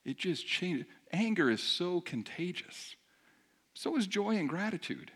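A man preaching in a lively, conversational way, then praying quietly. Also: sits high, a little slow, breathy edge. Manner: animated and conversational, rising loud when preaching. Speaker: pastor. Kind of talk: sermon then quiet prayer.

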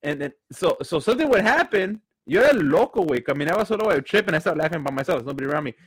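A young man co-hosting a podcast, chatting casually in English and Spanish and acting out falls with sudden shouts. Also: fairly high pitch, very fast, breathy edge. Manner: animated, switches between English and Spanish, acts out falls with shouts. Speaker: podcast co-host. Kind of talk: casual chat.

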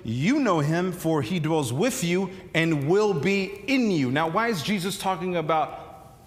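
Storytelling preacher in a reverberant hall. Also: male voice, a little high, lively intonation, measured pace. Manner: conversational storytelling preacher, many restarts and fillers. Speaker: pastor. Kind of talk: sermon.

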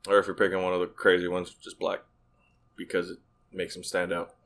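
Low-voiced man with wry teasing. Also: completely flat delivery, a little fast, creaky, a bit bright. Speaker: podcast co-host. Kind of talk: casual podcast chat.

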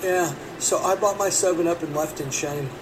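A middle-aged man rambles through a crude story with plenty of swearing, his voice sitting a little high. He sounds set back from the mic, with steady noise underneath. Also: normal speed. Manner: rambling, profane, animated when quoting. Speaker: podcast host. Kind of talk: casual storytelling. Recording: distant mic with background noise.

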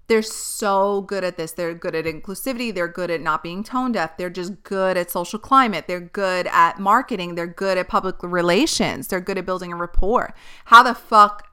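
A young woman rants straight to camera in a casual commentary vlog, blunt and exasperated, swearing freely. Her voice is bright and forceful, with a smooth, crisp clarity. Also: on the low side, moderate pace. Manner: blunt, profane, exasperated ranting. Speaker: influencer commentator.

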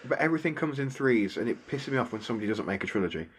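A man's voice: mid-range voice, very animated, very fast, slightly rough. A man with an English accent, co-hosting a podcast in casual, rambling chat with a self-deprecating streak. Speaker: podcast co-host.

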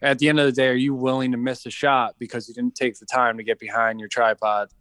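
Animated storytelling man, dry sound. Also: medium pitch, fast, smooth, no echo. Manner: animated storyteller, acts out quoted voices. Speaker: podcast guest, veteran entrepreneur. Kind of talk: casual storytelling chat.

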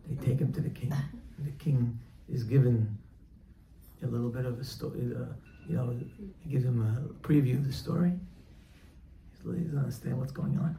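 Gravelly man telling a sermon story. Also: mid-range voice, moderate pace. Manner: animated, acts out the characters. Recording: echoey room, faint background noise.

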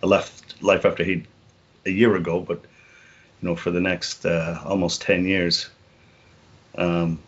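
Deep husky man, earnest halting storyteller. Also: little pitch movement, highs cut off. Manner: earnest, halting, repeats words, many "you know" fillers. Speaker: podcast guest. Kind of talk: reflective personal storytelling.

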